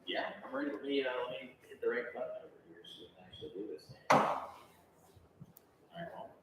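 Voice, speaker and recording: A man's voice: mid-range voice, animated, fast talker. Easygoing man hosting in an echoey room. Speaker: podcast host. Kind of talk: casual podcast chat. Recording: echoey room with faint background noise.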